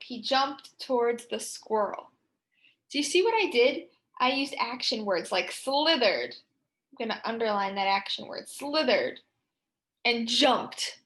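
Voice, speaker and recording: A young woman teaching a writing lesson to children, reading her story aloud in an expressive, sing-song way. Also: fairly high pitch, a little slow.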